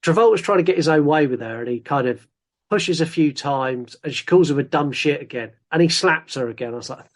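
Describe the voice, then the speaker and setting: Male co-host, bit higher voice, relaxed joking plot recap. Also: a little fast. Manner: chatty, laughs often, recaps the plot with dry jokes. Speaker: podcast co-host. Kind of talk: casual film review chat.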